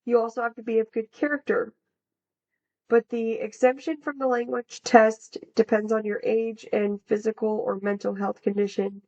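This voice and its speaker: Young American woman, podcast co-host reading facts casually; a touch high, muffled lo-fi audio. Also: flat delivery, moderate pace, darkish tone. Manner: chatty, reads facts with casual fillers. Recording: dull lo-fi sound.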